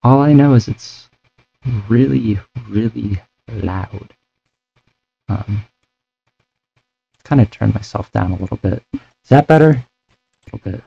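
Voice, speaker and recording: A man's voice: on the low side, takes it slowly, creaky, pauses often, breathy edge, lo-fi sound, soft background music. A young man streaming for the first time, chatting casually and apologetically while setting up, on a cheap microphone. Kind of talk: casual chat. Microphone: cheap desk microphone.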